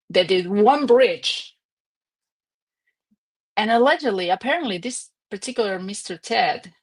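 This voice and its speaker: A woman's voice: medium pitch, husky. A young woman hosting a casual livestream from home, chatty and rambling, laughing often. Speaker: livestream host.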